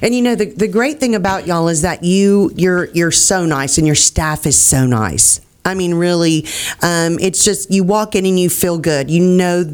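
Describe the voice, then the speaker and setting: A woman's voice: fairly low pitch, moderate pace, clean tone. A woman hosting a casual talk show, bubbly and laughing often. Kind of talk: casual on-air chat.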